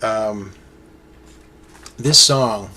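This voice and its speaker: A man's voice: on the low side, extremely slow, pushed and bright, a little hiss or hum. A man casually reviewing an album on his own, rambling enthusiastically with many fillers and restarts. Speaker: music reviewer.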